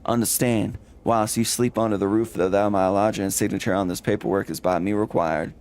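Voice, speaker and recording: A man voicing a stiff, formal old-fashioned gentleman who talks in pompous archaic English. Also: fairly low pitch, fairly even intonation, a little fast, natural voice. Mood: haughty.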